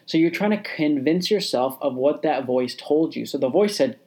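A man's voice: a little high, expressive, normal speed, hardly any pauses, darkish tone. A man hosting a motivational podcast, talking casually with many fillers, restarts and repeated phrases. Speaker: podcast host.

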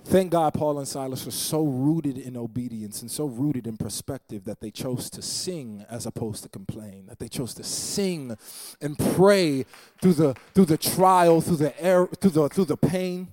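A man's voice: on the high side, unhurried, few pauses, a little mellow, no echo. A man preaching a sermon as pastor, dramatic and repeating phrases for emphasis. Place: church.

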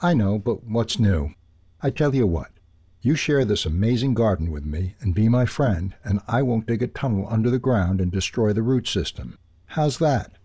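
A man's voice: lowish voice, expressive, moderate pace, dark tone, slightly rough, no echo. A man reading a storybook, voicing a brash male ground squirrel who chatters in a slangy, breezy way. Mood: cheeky.

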